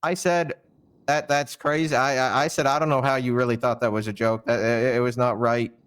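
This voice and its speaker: A man's voice: medium pitch, level tone, a little fast, a bit bright, smooth. A man in a roleplay stream, heatedly telling the story of why he fired someone. He rambles, stammers and swears often. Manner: fired-up and indignant. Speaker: roleplayer explaining a firing.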